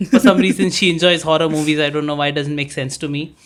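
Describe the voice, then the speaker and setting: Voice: mid-range voice, fairly even intonation, quick pace, a crowd in the background. Blunt, swearing young podcast co-host. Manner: blunt, swears a lot, bursts into laughing shrieks. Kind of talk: casual chat.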